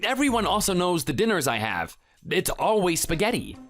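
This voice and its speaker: A man's voice: high voice, big pitch swings, moderate pace, a bit bright, faint music behind. A man voicing an indignant family man who confronts a bully, read in a synthetic texting-story style. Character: Italian-born family man standing up to a bully. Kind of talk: text-to-speech texting story.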